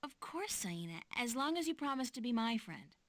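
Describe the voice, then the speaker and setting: A wry young heroine. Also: female voice, fairly high pitch, sing-song, moderate pace, fairly bright tone, slight background noise. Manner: dry, wry remarks. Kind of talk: video game voice acting.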